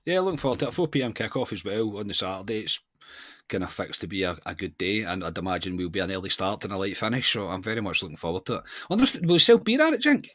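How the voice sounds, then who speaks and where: A Scottish man hosting a football podcast, chatty and quick to laugh as he steers the questions. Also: sits low, fairly bright tone, dry recording, studio quality. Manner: laughs easily, leads the questions. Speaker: podcast host. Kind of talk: casual football chat.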